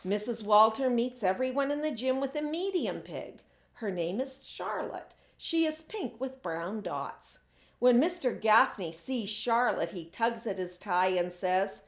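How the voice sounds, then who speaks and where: Woman reading a picture book, lively pitch. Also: a little slow. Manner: expressive, storytelling. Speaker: children's author. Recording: echoey room.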